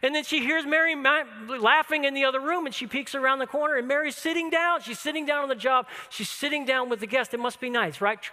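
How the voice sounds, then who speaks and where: High, bright-voiced animated preacher man. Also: fast talker, few pauses, in a large hall. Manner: animated storytelling, acting out quotes. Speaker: pastor. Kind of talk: sermon.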